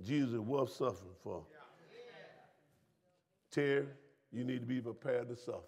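A man preaching a sermon as pastor, repeating lines and breaking into shouts at the congregation. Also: medium pitch, lively intonation, normal speed, long pauses, slightly rough. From Southern United States.

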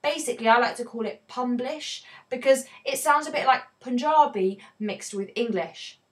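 A woman teaching a poetry analysis lesson, explaining in a clear, earnest way with emphatic stresses. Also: on the high side, moderate pace.

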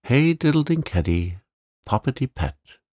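A man's voice: mid-range voice, big pitch swings, a little slow, darkish tone, no room sound, clean studio sound, pitched above the performer's own voice. A man voicing a chorus of tiny, cheeky tailoring mice in a light, sing-song voice, raised well above his own. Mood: gleeful.

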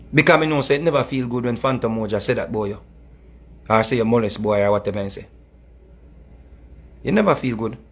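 A man's voice: mid-range voice, husky. A middle-aged man with a Jamaican accent, delivering a heated, scolding monologue that mixes in Patois and repeats his points. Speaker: music commentator.

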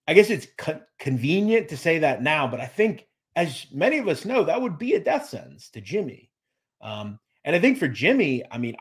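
A man's voice: mid-range voice, breathy edge. A man hosting a live show, chatting casually, reading viewer comments and thanking them by name, with lots of fillers and restarts. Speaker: podcast host reading live chat. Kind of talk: casual livestream chat.

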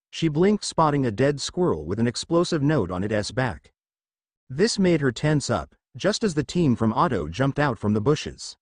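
Man narrating a fanfic, lively delivery. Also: mid-range voice, dry recording, studio quality.

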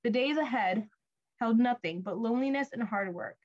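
A woman reading a storybook aloud to children, with clear, expressive storytelling. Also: fairly high pitch, moderate pace, highs cut off. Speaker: storybook reader.

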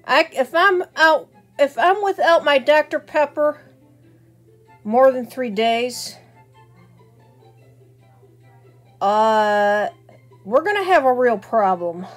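A woman's voice: sits high, lively intonation, slow, soft background music. A woman voicing a grumpy man who complains dramatically about running out of his favorite soda, in a homemade skit. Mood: desperate.

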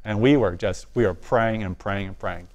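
A man giving a personal testimony as a guest speaker, animated and often dropping his voice low for the quiet moments. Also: normal speed, muffled recording.

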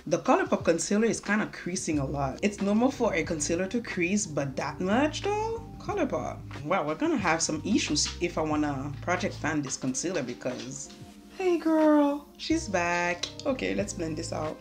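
A woman's voice: lowish voice, animated, normal speed, hardly any pauses. Chatty woman. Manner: chatty, self-mocking, talks while doing makeup. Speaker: beauty vlogger. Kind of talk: casual chatty makeup tutorial. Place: home room. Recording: faint music underneath.

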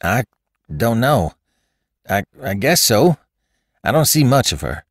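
A man's voice: lowish voice, big pitch swings, slow pace, vocal fry, no room sound, studio quality, pitched above the performer's own voice, full character voice. A man voicing a timid, anxious rural wife who answers in a faltering, trembling voice.

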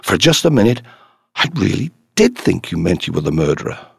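Man voicing a talkative male journalist, brash, lively, gravelly, husky, dry close sound. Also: deep voice, fairly quick, no room sound, exaggerated voice. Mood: eager. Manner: eager, insistent and chatty. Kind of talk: audiobook character reading.

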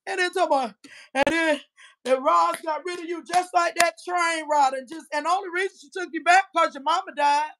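A woman's voice: extremely high pitch, brisk, noisy background. A woman in her fifties on a livestream, delivering a combative, profane rant into a phone mic. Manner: profane, combative, trash-talking.

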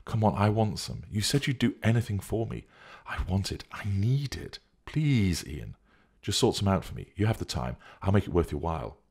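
A man's voice: low-pitched, animated, quick pace, few pauses, darkish tone, slightly rough, heavily acted. A man voicing a petulant young woman who insists and pleads for drugs. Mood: demanding.

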